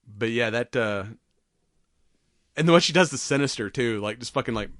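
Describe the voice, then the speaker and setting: A man's voice: mid-range voice, moderate pace, pauses often, a bit bright, no room sound, studio quality. A man hosting a podcast, animatedly retelling a story with plenty of swearing. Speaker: podcast host. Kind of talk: casual chat.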